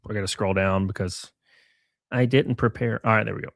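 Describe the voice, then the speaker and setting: A man's voice: fairly low pitch, steady tone, a little fast, creaky, no echo, studio quality. A man from Alabama with an Alabama Southern accent, hosting a casual livestream, reading chat and rambling with crude joking asides.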